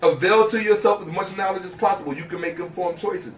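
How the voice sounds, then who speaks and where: Emphatic man with a high voice, echoey room. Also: fairly quick, far from the mic, a little hiss or hum. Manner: emphatic, preacherly, repeats phrases for stress. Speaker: interview guest. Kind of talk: impassioned lecturing in conversation.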